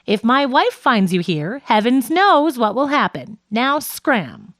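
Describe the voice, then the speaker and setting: A woman's voice: on the high side, big pitch swings, slow pace, a bit bright, no room sound, clean studio sound, heavily acted. A woman reading aloud as a fussy, vain, easily flustered man from an old radio sketch, in an audiobook.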